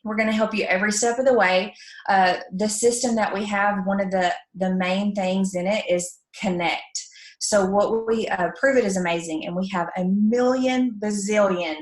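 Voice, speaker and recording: A woman's voice: medium pitch, moderate pace. A chatty woman from Alabama with a Southern accent, giving a casual, upbeat training talk with plenty of fillers. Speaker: network marketing presenter. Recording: echoey room.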